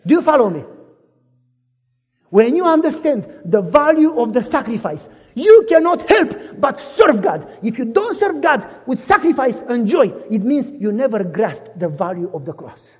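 A man preaching a sermon in an animated way, acting out dialogue in voices and asking the audience questions. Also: very high-pitched, moderate pace, husky. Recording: echoey hall, long reverb.

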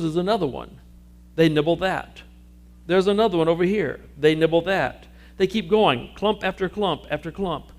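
A man preaching a sermon, telling a parable with lively storytelling and acting out the characters' lines. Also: fairly high pitch. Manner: animated storytelling, acting out sheep and Jesus. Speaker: pastor.

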